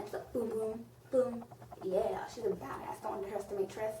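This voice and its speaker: Woman, movie review vlog, rambling and gushing, mellow voice, echoey room, a bit off-mic. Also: mid-range voice, fairly even intonation, fairly quick, recorded from a distance. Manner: gushing, rambling, heavy use of "like". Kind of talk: casual movie review chat. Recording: roomy echo, off-mic, faint noise.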